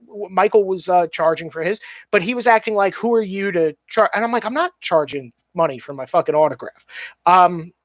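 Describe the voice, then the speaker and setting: A filmmaker guest, a man, tells stories casually, animated, swearing freely and speaking candidly. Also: high-pitched, no echo. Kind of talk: casual storytelling. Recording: dull, dry, slightly muffled.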